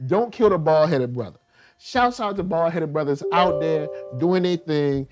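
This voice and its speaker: A man hosting a casual review show, talking in animated slang and acting out characters in quick asides. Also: a little high, dull audio, music in the background. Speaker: show host reviewing a TV series.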